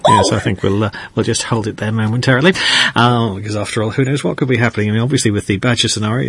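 A man's voice: mid-range voice, fairly bright tone, a little hiss or hum. A man hosting a radio interview, rambling and wry, with many restarts. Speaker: radio host.

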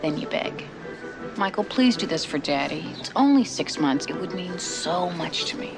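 An actress playing a conniving woman who smoothly talks a younger rival into a plan, heard in a film clip. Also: on the low side, expressive, normal speed. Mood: scheming. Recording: film clip with music underneath.

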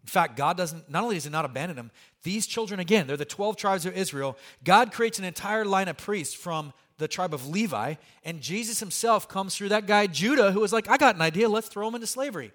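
Animated male pastor preaching. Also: high voice, fairly quick. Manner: conversational, animated preaching with asides and humor. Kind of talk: sermon.

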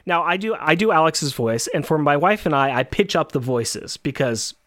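A man's voice: on the high side, animated, a bit bright, no echo. Man chatting in a dry, close sound. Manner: explains at length with quick restarts. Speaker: podcast co-host. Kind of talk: casual podcast chat.

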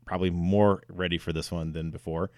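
A man's voice: sits low, level tone, brisk, a little mellow, no room sound, clean studio sound. A man co-hosting a sports podcast, talking football casually with frequent fillers and restarts. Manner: hesitant, many fillers and restarts.

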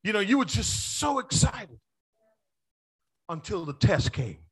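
A man with a high voice preaching a sermon to his congregation. He swings from quiet, quick asides with a chuckle to shouted, rising lines, calling for a response from the room. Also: very animated, husky. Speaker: pastor.

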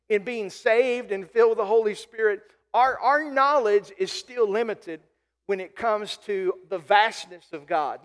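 A man's voice: high-pitched, long reverb tail. A man preaching a sermon as pastor, emphatic, repeating key lines and calling out to the congregation. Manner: emphatic preaching with repetitions and call-outs to the congregation.

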